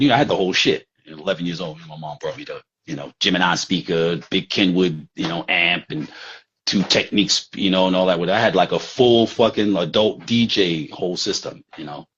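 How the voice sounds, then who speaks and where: Husky New man spinning a street story. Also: sits low, steady tone, normal speed, a bit bright. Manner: rambling, streetwise, profane, with fillers. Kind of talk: casual storytelling. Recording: dull lo-fi recording.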